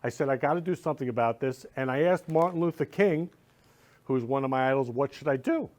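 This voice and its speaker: A man's voice: mid-range voice, animated, brisk, darkish tone. A man hosting his own show, gushing and emotional, talking in a rambling way to his viewers. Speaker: host. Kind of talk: casual chat.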